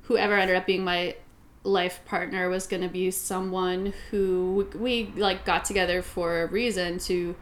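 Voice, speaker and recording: A woman hosting a casual chat, speaking in an earnest, reflective way and thinking out loud. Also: lowish voice, level tone, unhurried. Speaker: host.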